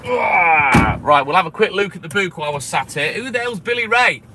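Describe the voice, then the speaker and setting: On this clip his high voice takes on a sing-song lilt at a moderate pace. Still on the milk round in his vehicle, he chats with the live chat, swears freely and welcomes viewers by name, with street and car noise loud on the phone camera recording.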